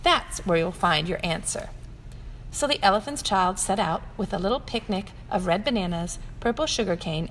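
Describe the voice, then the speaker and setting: A woman reads a children's bedtime story with lively, swooping expression. Her voice sits in a middle pitch, with a long room echo and faint ambient noise behind it. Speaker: storytime reader for a shop.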